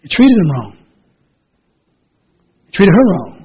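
A man preaching a sermon, emotional and repetitive, with a hoarse, rough voice. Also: high voice, wildly swooping pitch, slow pace, phone-quality sound. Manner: emotional, repetitive, rising to shouted calls.

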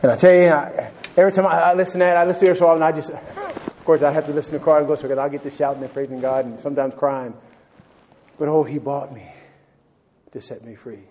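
A man's voice: fairly high pitch, fairly even intonation, fast talker, darkish tone, a little hiss or hum, poor audio. A man preaching a sermon and telling a story, talking fervently with frequent stumbling restarts, throwing in "man", and asking the listeners questions.

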